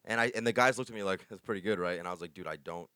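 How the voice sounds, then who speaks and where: Deep-voiced, fast-talking young man. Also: clean tone, no echo, clean studio sound. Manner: fast, animated storytelling, swearing freely. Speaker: podcast co-host. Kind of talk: casual chat.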